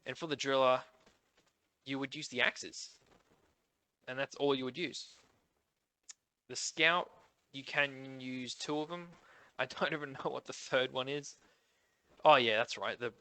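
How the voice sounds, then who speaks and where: A man's voice: medium pitch, moderate pace, pauses often, sharp tone, no echo. A man with a nasal Australian accent, a gaming YouTuber chatting casually through update notes and thinking aloud.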